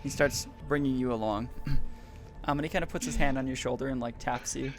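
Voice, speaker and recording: A man narrating as game master of an online tabletop game, relaxed, with frequent fillers and throat clearing. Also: mid-range voice, a little fast, faint music behind.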